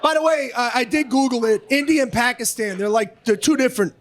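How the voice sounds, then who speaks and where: A man doing stand-up comedy on a club stage, ranting profanely and shouting punchlines. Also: very high-pitched, brisk. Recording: live comedy club, noisy audience.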